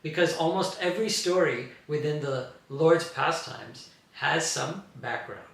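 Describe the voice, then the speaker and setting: Man teaching scripture, slightly high, gravelly, in a very echoey room. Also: unhurried. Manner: explanatory, animated storytelling. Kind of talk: scripture class storytelling.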